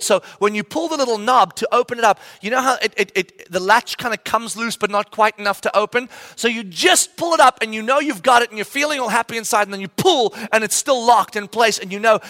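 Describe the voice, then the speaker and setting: Bright-voiced man in his thirties preaching. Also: high voice, no room sound, clean studio sound. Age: 30s. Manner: animated, acts out voices of his kids. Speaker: pastor. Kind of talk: sermon with storytelling.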